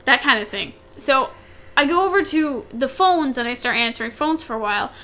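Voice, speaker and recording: A woman's voice: high voice, lively intonation, a little fast, bright, forceful tone. A young woman co-hosting a podcast, telling a long story in casual chat, rambling and repeating herself as she acts out what people said. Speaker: podcast co-host.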